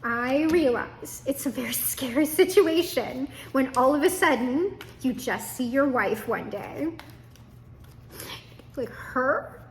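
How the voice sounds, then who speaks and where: Young woman, high voice, chatty tarot reader who swears freely, faint room hum behind her. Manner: chatty, swearing, laughing asides. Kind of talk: casual tarot reading to camera.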